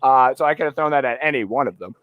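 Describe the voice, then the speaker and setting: A man's voice: medium pitch, fast talker, no echo, narrow, tinny audio. A man from Canada hosting a live sports talk stream, joking and rambling with restarts. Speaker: podcast host. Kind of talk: casual live-stream chat.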